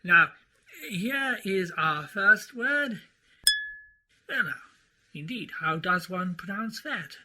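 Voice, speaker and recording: A theatrical, fussy quiz host in a radio comedy. His voice is high and very bright. His pitch swoops up and down. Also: exaggerated voice. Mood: pompous. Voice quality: pompous, theatrical.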